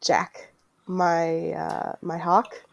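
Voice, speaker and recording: Measured, low-voiced woman player. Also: level tone, gravelly. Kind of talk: playing a tabletop game.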